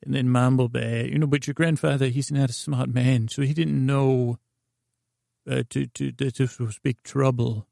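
A man's voice: mid-range voice, steady tone, moderate pace, gravelly, a little mellow, no echo, studio quality. A man telling a meandering bedtime story with lots of hesitant asides.

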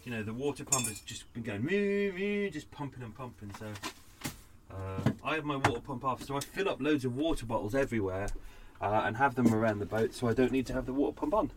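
Brief: male podcast host, loose rambling chat, faint hiss behind, lively. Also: medium pitch, fast. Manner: rambling, chatty, yawning, talking while doing chores. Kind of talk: casual unscripted chat. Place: narrowboat cabin.

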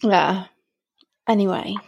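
A woman's voice: mid-range voice, slow pace, gravelly, darkish tone, slightly rough, lo-fi sound. A woman co-hosting a chatty podcast, sarcastic and swearing casually. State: irritated wisdom tooth. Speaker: podcast co-host. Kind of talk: casual chat.

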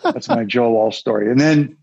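A man's voice: mid-range voice, normal speed, creaky, darkish tone, breathy edge, no echo, muffled recording. A man telling stories as an interview guest in a rambling, casual way, acting out the voices of people he quotes. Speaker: guest, musician and former radio announcer. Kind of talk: casual storytelling.

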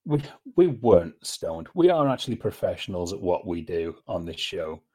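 A man's voice: low-pitched, very animated, normal speed, a little mellow, slightly rough. A man from Britain co-hosting a film podcast, talking in a wry, conversational way. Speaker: podcast co-host. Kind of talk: casual film podcast chat.

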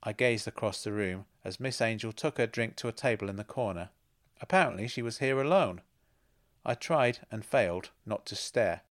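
A man's voice: fairly low pitch, lively intonation, moderate pace, dry recording, studio quality. A man reading his own first-person story in a reflective, wry manner. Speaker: narrator and author.

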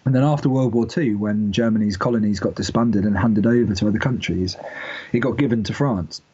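A man's voice: on the low side, fairly quick, mellow, slightly rough. A young man, talking casually as a podcast guest in a rambling, self-deprecating way. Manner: rambling and self-deprecating, with many restarts and laughs. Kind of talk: casual interview chat. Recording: dull lo-fi podcast audio.

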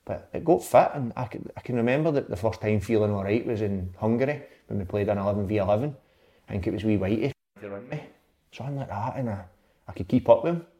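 A man's voice: fairly low pitch, fast talker, warm tone. A Scottish man, a former footballer, chatting casually and rambling through anecdotes with the odd swear word. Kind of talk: casual chat about his playing days.

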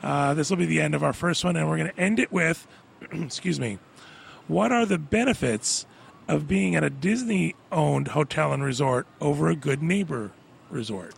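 A man hosting a podcast in a relaxed, chatty way, steering the conversation between guests. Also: on the high side, moderate pace, gravelly, slightly rough. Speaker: podcast host. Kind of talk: casual chat.

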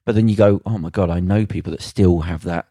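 A man's voice: low-pitched, fairly even intonation, a little fast, dark tone, slightly rough, no room sound, studio quality. A man telling stories in blunt, sweary casual chat, acting out the voices he quotes.

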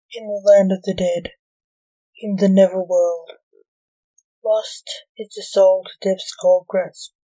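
A woman reading a dark story aloud in a slow, solemn, dramatic manner. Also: mid-range voice, rough recording. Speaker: narrator.

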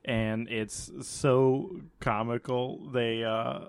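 A man's voice: mid-range voice, fairly even intonation, very slow, clear, resonant tone, no echo. A man in casual chat about a movie, rambling with lots of "like" and giggling as he talks. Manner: rambling, heavy use of "like", giggly. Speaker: podcast co-host.

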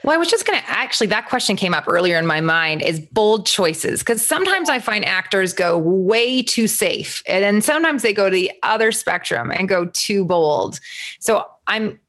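A woman's voice: medium pitch, very animated, normal speed, a bit bright. A woman hosting a casual interview as a talent agent, asking friendly, open questions.

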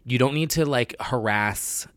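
A man's voice: medium pitch, a little slow, fairly bright tone, no echo. A man ranting in a casual vlog about pop culture, sassy and exasperated, often swearing.

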